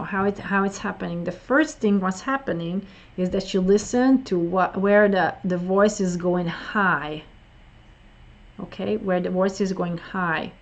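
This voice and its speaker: Woman, English teacher, slow and deliberate, muffled lo-fi recording. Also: fairly low pitch. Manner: slow, explaining, repeats words for emphasis. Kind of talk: online listening lesson.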